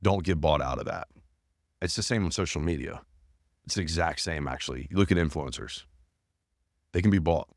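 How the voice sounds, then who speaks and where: Male podcast host, deep voice, dry close sound, emphatic and sincere. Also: brisk, pauses often, no echo. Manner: earnest and emphatic, repeats phrases. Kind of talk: casual podcast conversation.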